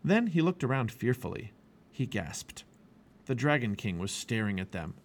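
Expressive man reading a children's book. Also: medium pitch, normal speed. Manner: expressive storytelling. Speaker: family podcast reader.

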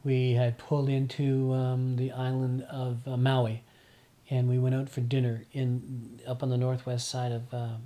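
A middle-aged man, chatting as a podcast guest. He tells unhurried, reflective stories and often stops and restarts his sentences. His voice sits in an ordinary middle range. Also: medium pitch, monotone, mellow. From Newfoundland, Canada. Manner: reflective, rambling storyteller with frequent restarts. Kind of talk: casual conversation.

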